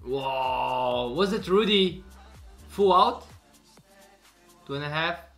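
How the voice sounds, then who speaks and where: An excitable man comments on clips for his reaction video, exclaiming and laughing often. His bright voice swings widely in pitch, though his speech stays unhurried. Faint music plays behind him. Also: vocal fry. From Bulgaria. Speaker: host.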